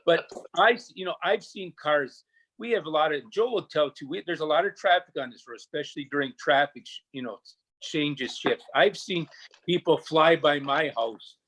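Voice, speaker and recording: A man's voice: on the high side, moderate pace, fairly bright tone, low-quality recording. A man, the mayor, chairing a council meeting in a folksy, chatty way.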